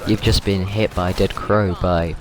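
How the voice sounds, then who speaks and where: A man's voice: sits low, fairly even intonation, moderate pace. A man host telling a story in a casual, rambling way while gaming, repeating words and saying dude a lot, on a noisy mic with clicks.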